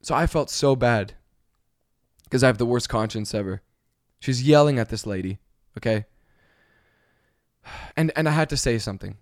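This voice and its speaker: A man telling a story in a casual vlog, animated and swearing, with many fillers. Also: mid-range voice, moderate pace, pauses often, no echo, studio quality.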